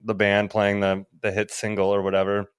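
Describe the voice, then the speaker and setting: A man co-hosting a podcast, telling an animated, rambling story in casual chat, swearing freely. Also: on the low side, moderate pace, clear, resonant tone, no echo, clean studio sound. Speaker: podcast co-host.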